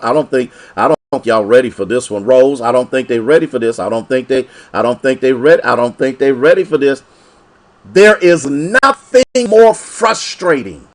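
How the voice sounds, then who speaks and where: Animated preaching man, lively pitch. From Ohio. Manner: animated, repetitive call-and-response preaching. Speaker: pastor. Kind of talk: sermon.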